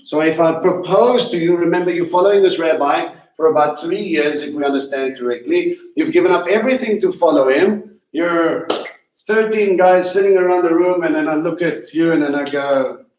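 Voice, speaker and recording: A man teaching a congregation at a Passover meal. He talks in an animated way, asks many questions and slows down to stress key words. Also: on the high side. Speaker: teacher leading a Passover Seder. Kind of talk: sermon-style teaching. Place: congregation hall. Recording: echoey room, voice from a distance.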